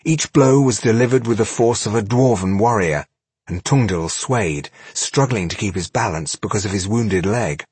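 A man narrating a fantasy audiobook in a measured, dramatic way, with a husky voice. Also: on the low side, darkish tone, dry recording. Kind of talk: scripted narration.

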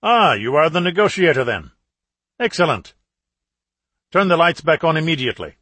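A man voicing a cold, controlled male terrorist leader who speaks in an even, commanding way, in an audiobook. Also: on the high side, moderate pace, no room sound, pitched above the performer's own voice, full character voice. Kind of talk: audiobook character voice.

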